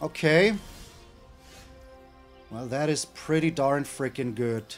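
A man's voice: medium pitch, takes it slowly, soft background music. A man hosting his gaming channel, giving live gameplay commentary and exclaiming and groaning at each play. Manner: animated, exclaims and groans at plays.

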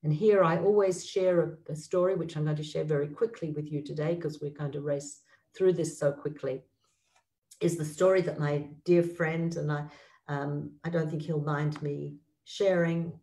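A woman teaching a text study lesson, reading verses aloud slowly and then commenting, with frequent restarts. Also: low-pitched, fairly even intonation, mellow, recorded from a distance, low-quality recording. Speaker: Bible teacher.

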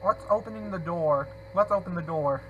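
A man giving excitable gameplay commentary, talking to himself and often apologizing. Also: sits high, normal speed, muffled recording, slight background noise. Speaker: gamer.

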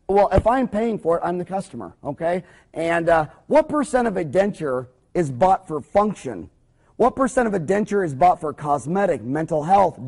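A man giving a business lecture for dentists, rambling through jokes and anecdotes. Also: high-pitched. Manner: animated, joking, rambling storyteller. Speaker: dental practice lecturer.

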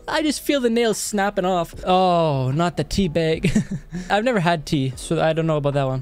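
A man chats casually into a headset mic while reacting to clips. He talks with lively, swooping pitch and exasperated outbursts broken up by laughs. Faint music plays underneath. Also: normal speed. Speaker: reaction video host. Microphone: headset microphone.

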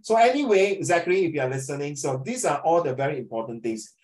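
A man teaching a language class in colloquial English, keeping it lively and checking with tag questions that his students follow. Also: a little high, quick pace. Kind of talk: informal classroom lecture.

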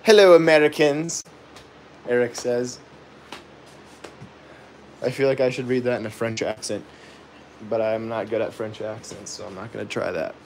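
A man hosting a live woodcarving stream, thinking aloud with many pauses and fillers and chuckling at his own jokes as he reads viewer comments. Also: lowish voice, level tone, creaky, a little mellow, slight background noise. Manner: chuckles often, jokey and self-deprecating. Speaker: woodcarving livestream host. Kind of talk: live carving demo, chatting with viewers.

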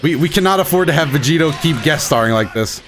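Excitable man commentating his own gameplay. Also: a little high, quick pace, soft background music. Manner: excitable, swings between muttering and shouting. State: throat a bit rough. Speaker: gaming YouTuber.

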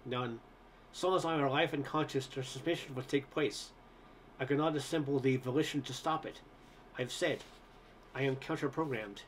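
A man's voice: mid-range voice, moderate pace, slight background noise, natural voice. A man doing an anguished, formal-speaking alien. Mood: despairing. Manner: formal, stiff, pleading. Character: anguished towering alien with terrible eyes, male.

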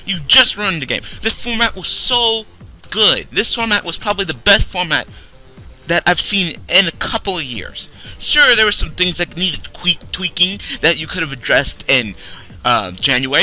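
Ranting young man, bright and swearing. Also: sits high, very animated, moderate pace, faint music behind. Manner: angry, swearing, sarcastic, swinging loud to mumbling. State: tired, low on energy. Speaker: YouTube card game video host. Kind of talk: profane rant to camera.

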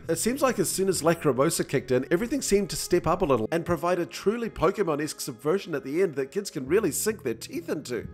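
A man in his thirties giving scripted commentary on a cartoon episode, full of wry, sarcastic asides. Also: mid-range voice. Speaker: host reacting to a cartoon episode.

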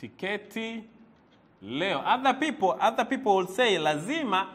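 A man teaching a language lesson, repeating words slowly and quizzing the listener as he goes. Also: high voice, big pitch swings, fairly bright tone. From Tanzania. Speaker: Swahili teacher.

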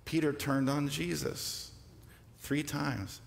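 A male pastor preaching in a church sanctuary, his voice ringing through a long reverberant hall. He talks at an ordinary middle pitch, leads call-and-response with the congregation, and climbs into emphatic, rising peaks. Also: a little slow, a bit bright. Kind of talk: sermon.

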